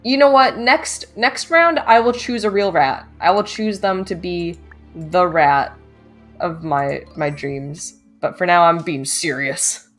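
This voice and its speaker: A woman's voice: medium pitch, expressive, a little slow, soft background music. Giggly woman streamer reacting. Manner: playful, giggly, reacting aloud. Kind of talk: let's play commentary.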